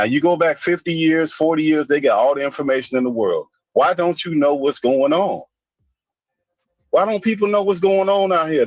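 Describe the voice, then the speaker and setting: Blunt ranting man, husky voice. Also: fairly high pitch, dry recording, poor audio. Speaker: commentator. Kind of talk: opinionated casual commentary.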